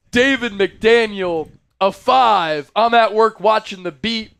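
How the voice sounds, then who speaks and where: A high-pitched man hosts a live sports stream, his voice smooth and crisp in a dry, close sound. He speaks slowly and deliberately, reading out viewer donations and cheering on the team. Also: no room sound. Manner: chanting and shouting fan cheers.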